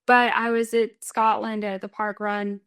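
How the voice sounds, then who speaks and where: A woman's voice: medium pitch, a little slow, smooth. A woman from Texas with an American accent, a runner telling stories as a guest in a casual podcast interview and laughing often. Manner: chatty, laughs often, animated storytelling.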